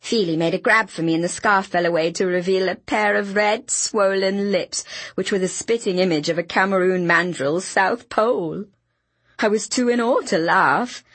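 A woman reading an audiobook in a brisk, wry storytelling manner, with a husky voice. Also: mid-range voice, fairly bright tone, no room sound. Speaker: audiobook narrator. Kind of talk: scripted narration.

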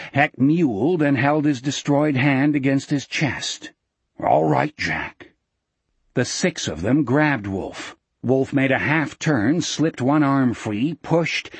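A man narrating an audiobook in a measured, dramatic storytelling manner. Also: medium pitch, slightly rough, no room sound.

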